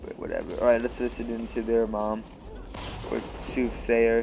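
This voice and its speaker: A man's voice: mid-range voice, moderate pace, creaky, darkish tone, a little hiss or hum. A young man casually commenting on his gameplay, rambling and offhand, often poking fun at himself. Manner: rambling, offhand, self-mocking. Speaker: gaming channel host. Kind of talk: let's-play commentary.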